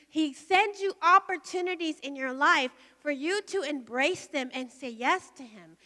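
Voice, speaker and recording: A woman's voice: sits high, pushed and bright. A middle-aged woman pastor telling a testimony in a sermon, emotional and storytelling with rising intensity. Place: large hall at a conference. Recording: long hall reverb.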